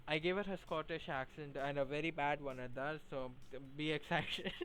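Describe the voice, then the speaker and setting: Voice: medium pitch, steady tone, normal speed, fairly bright tone, a little hiss or hum, low-quality recording. A game streamer reading a narrative game aloud and chatting with self-mocking asides between the lines. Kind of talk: casual let's-play commentary.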